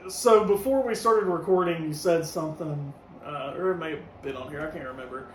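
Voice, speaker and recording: A man's voice: on the high side, fairly quick. A man co-hosting a podcast, reading his album review notes in a casual tone with fillers and small laughs. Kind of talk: casual review chat, partly read from notes. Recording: echoey room, distant mic, faint noise.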